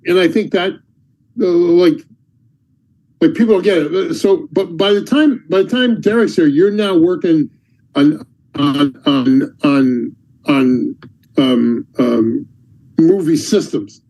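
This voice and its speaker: A man hosting a casual podcast conversation, telling animated stories and acting out angry coaches. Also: on the high side, slow, rough recording. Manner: animated storyteller, acts out shouting coaches. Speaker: podcast host and basketball coach.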